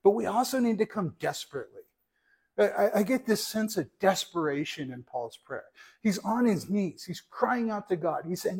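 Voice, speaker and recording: Male pastor delivering a sermon, earnest and teacherly, asides to the congregation, voice pitched slightly high. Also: animated, normal speed, vocal fry, darkish tone, husky.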